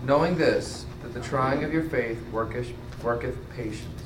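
A man's voice: mid-range voice, moderate pace, reverberant, distant mic, background noise. A man in the congregation reading scripture aloud when the pastor calls on him.

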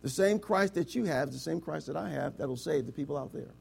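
A pastor preaching a sermon to his congregation, swinging from loud declarations to hushed words and stretching key phrases, with frequent rhetorical questions. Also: on the high side, a little fast, gravelly, breathy edge.

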